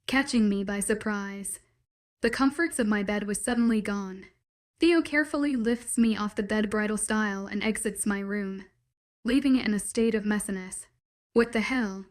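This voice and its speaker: A woman narrating a first-person romance story in a steady, soft-spoken way. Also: mid-range voice.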